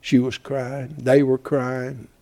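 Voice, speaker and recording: A male preacher delivering a folksy, dramatic sermon, swinging between hushed whispers and shouts. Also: medium pitch, little pitch movement, slow pace.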